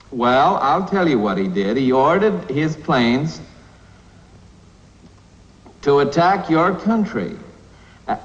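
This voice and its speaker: An actor playing a flustered male president who placates a foreign leader over the phone, in a halting, apologetic way. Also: mid-range voice. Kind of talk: film comedy acting. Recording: old film audio, dull and echoey.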